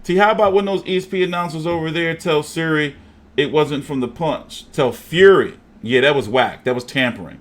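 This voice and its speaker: A man hosting a casual boxing show, talking in an animated, profane, jokey way. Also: fairly high pitch, moderate pace.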